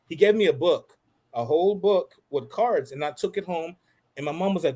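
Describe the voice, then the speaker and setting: Man, podcast guest, casual storytelling, animated, fairly high voice. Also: brisk. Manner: animated, acts out quoted voices.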